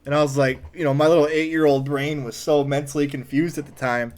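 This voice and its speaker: A man telling a comedic personal story, animated, acting out other people's lines in a raised voice. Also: a little high, fairly quick. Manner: animated, acts out quotes in a raised voice.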